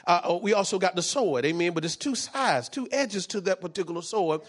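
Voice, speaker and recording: A man's voice: high-pitched, expressive, brisk. A man preaching a sermon as pastor, fervent and repetitive, dropping in frequent amens.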